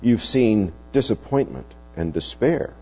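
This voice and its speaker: Husky male preacher in a reverberant hall. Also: expressive, soft background music. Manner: slow, emphatic preaching with wide swings in pitch. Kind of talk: sermon. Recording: dull, hummy recording with long reverb.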